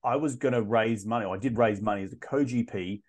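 A man in his thirties, a podcast guest telling his story in a casual interview, animated and often restarting his sentences. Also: on the low side, fairly quick. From Australia. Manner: animated, frequent restarts and repeated words.

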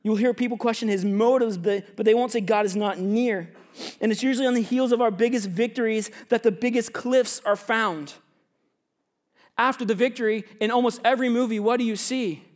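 His pitch is extremely high, his intonation fairly even, and he talks a little fast: a man in his thirties pastoring students and young adults. He preaches in a chatty, storytelling way, dramatizing scenes and going hushed during anecdotes.

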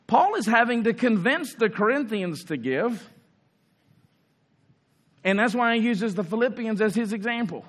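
Guy preaching a sermon, pretty high voice, earnest, gets louder to stress stuff and slows way down on the big lines. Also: expressive. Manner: earnest preaching, rising for emphasis, slows on key phrases. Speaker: pastor.

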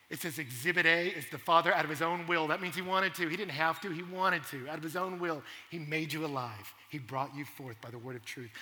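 A young adult man preaching a sermon, dropping to near-whispers and then building to loud, passionate crescendos. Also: mid-range voice, big-room sound. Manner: swings from hushed intimacy to loud impassioned crescendos. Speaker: pastor.

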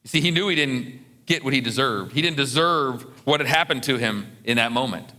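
Bright-voiced man preaching a sermon. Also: medium pitch, brisk. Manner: earnest preaching, repeats words when emphatic. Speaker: pastor.

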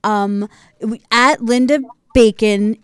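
A woman's voice: on the high side, fairly even intonation, slow, smooth, dry recording, clean studio sound. A woman co-hosting a podcast, talking effusively and openly about her own experience in a casual interview. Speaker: podcast co-host.

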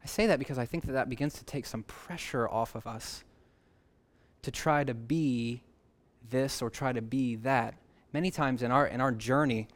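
A man's voice: mid-range voice, moderate pace. A young man preaching a sermon in a conversational way, reading scripture aloud with emphasis. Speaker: pastor.

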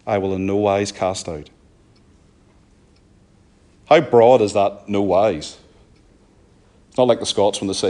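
A man with a Northern Irish accent preaching a sermon, earnest and pleading, often sinking to a soft, low emphasis. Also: moderate pace. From Northern Ireland.

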